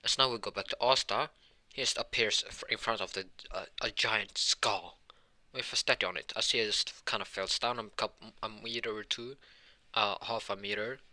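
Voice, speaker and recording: Hesitant low-voiced male storyteller. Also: fairly even intonation, moderate pace, pushed and bright, dry recording. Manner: rambling, hesitant. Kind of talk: improvised fan-fiction narration.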